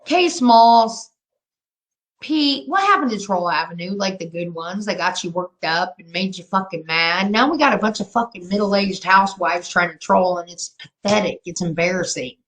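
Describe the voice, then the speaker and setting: A woman's voice: mid-range voice, expressive, moderate pace, a bit bright, poor audio. Brash, profane woman in her fifties. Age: 50s. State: drinking. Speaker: livestream host. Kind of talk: live stream chat with viewers.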